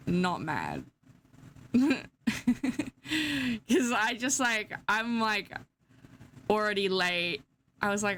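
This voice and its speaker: A woman's voice: mid-range voice, expressive, extremely slow, pauses often, a bit bright, a little hiss or hum. A young woman chatting casually to her live-stream chat, sleepy, giggly and yawning. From Australia.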